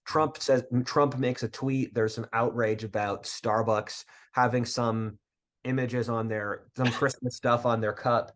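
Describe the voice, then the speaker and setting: A man's voice: medium pitch, fairly even intonation, measured pace. A man in his twenties from outside Philadelphia, a podcast guest talking earnestly in long rambling tangents. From area outside Philadelphia, USA. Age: 20s. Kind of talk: casual interview talk.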